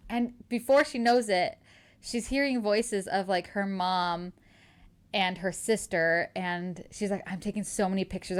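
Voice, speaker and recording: A woman co-hosting a podcast, casually retelling a novel's plot with lots of "like" and acted-out dialogue. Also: medium pitch. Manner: animated storyteller, acts out dialogue, frequent "like". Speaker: podcast co-host. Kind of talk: casual book recap chat.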